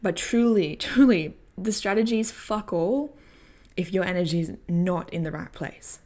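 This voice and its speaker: A young woman personal growth vlogger talks at a normal speed in a lowish, darkish voice. Casual and candid, she tells a story and gives coaching tips, laughing often and swearing freely.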